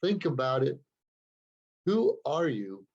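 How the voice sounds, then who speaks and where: Husky man preaching earnestly to camera. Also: mid-range voice, big pitch swings, takes it slowly, darkish tone, muffled recording. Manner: earnest, moralizing, repeats words while thinking. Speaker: show host. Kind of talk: preachy solo talk to camera. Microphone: computer camera.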